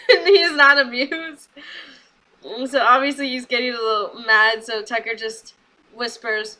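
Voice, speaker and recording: A young woman chats through a wrestling recap in a relaxed vlog style, laughing often and putting on little voices for the people she quotes. Her voice is bright and a touch high. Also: rough recording. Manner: giggly, acts out quotes in quick little voices. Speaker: wrestling show reviewer.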